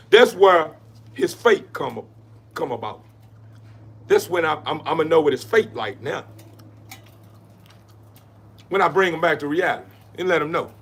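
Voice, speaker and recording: A man's voice: fairly high pitch, fairly bright tone, breathy edge. A man giving a rambling, preachy motivational monologue in street slang, with lots of repetition. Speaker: dog breeder talking to camera.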